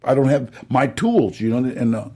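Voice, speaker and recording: A middle-aged man, an actor being interviewed, telling stories in a gravelly, husky voice, acting out quotes and laughing as he goes. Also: medium pitch, normal speed. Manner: animated storyteller, acts out quotes and laughs. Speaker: actor guest. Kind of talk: storytelling interview.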